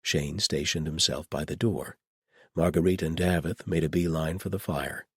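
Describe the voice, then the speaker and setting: A man narrating an audiobook in even, measured storytelling. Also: extremely low pitch, husky, no room sound, clean studio sound.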